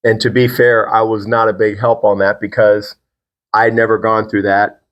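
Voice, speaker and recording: A man's voice: lowish voice, level tone, normal speed, fairly bright tone, highs cut off. A middle-aged man hosting a podcast with his son, talking in an earnest, encouraging and reflective way. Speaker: podcast host, father. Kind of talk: casual conversation.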